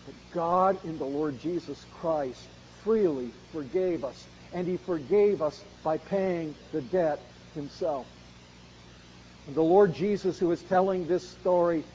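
High-voiced, mellow male preacher. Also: muffled recording, a little hiss or hum. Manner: earnest, builds to loud emphasis then drops low. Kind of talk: expository sermon.

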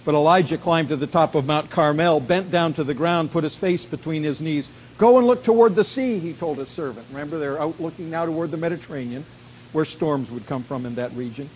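A man preaching a sermon, reading scripture dramatically, slowing down and rising in volume on key lines, then dropping to a quiet, intimate tone. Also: fairly high pitch, steady tone, slight background noise, rough recording. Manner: dramatic, slows and rises to a shout on key lines. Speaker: pastor.

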